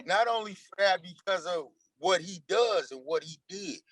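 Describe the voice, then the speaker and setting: A man's voice: high-pitched, expressive, normal speed, fairly bright tone, no room sound, rough recording. A man in his forties, an actor being interviewed, talking in a loose, slangy and emphatic way. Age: 40s. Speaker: actor guest. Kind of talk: casual interview chat.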